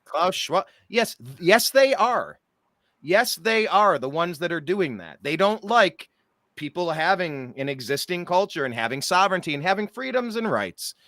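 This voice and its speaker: A male talk show host with a lively voice that swoops up and down, sitting a little high for a man. He sounds exasperated and mocking in casual chat. The sound is dry and close. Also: normal speed, no room sound. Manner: animated, exasperated, mocking asides.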